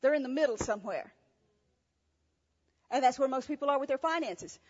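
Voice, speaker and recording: A woman's voice: high-pitched, expressive, a little fast. A woman preacher giving a sermon, asking rhetorical questions and telling stories with emphasis. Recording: echoey hall, dull sound.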